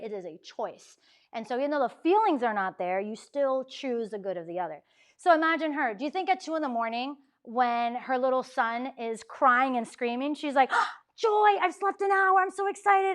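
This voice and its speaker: Young woman, conversational ministry speaker, slightly high voice, animated quoting. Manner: chatty, acts out quotes, frequent "right?". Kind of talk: lively faith talk to students.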